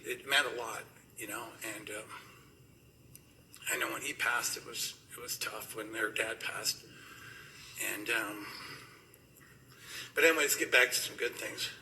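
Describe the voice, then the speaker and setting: A man's voice: medium pitch, creaky, pushed and bright, a little hiss or hum, poor audio. A middle-aged man giving a rambling, emotional funeral eulogy, laughing through his stories about a friend. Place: funeral gathering indoors.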